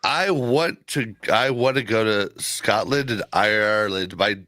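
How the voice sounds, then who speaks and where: A middle-aged man with a slightly low, bright voice chimes in with eager, joking questions. His sound is dry and close, with no room around it. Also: unhurried, dry recording. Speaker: guest. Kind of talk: casual chat.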